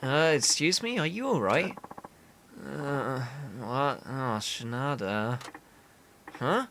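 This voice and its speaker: A man voicing a blunt, upbeat young reporter who talks quickly. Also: medium pitch, expressive, a bit bright, slight background noise. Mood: concerned.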